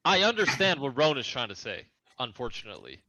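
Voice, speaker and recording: A man's voice: medium pitch, very animated, a little fast, crowd noise, poor audio. A man co-hosting a casual chat who talks bluntly and jokes around. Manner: blunt, jokey.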